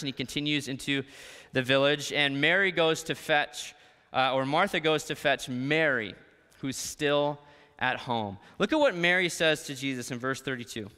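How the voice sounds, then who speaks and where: A man preaching a sermon as a pastor, moving between quiet, tender lines and emphatic ones. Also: medium pitch, in a large hall. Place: church sanctuary.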